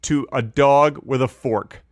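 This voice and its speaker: Guy cohosting a podcast, jokey and teasing, middle pitch, dead dry sound. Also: fairly even intonation, dry recording. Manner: playful, teasing, quick jokes. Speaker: podcast co-host. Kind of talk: casual chat.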